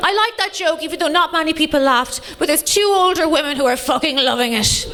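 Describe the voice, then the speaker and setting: An Irish woman in her late thirties performing a bawdy stand-up set with deadpan punchlines, teasing the crowd. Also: high voice, fast. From Ireland. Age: late 30s. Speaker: stand-up comedian. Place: comedy club stage before a live audience.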